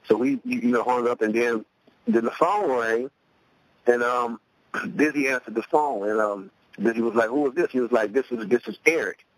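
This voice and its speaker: Man from cleveland, middle-aged, casual storyteller, medium pitch, dry close sound, repeats words on restarts. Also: moderate pace, dry recording, low-quality recording. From Cleveland, USA. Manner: loose, repeats words while restarting sentences; acts out quoted voices in higher pitch. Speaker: rapper guest.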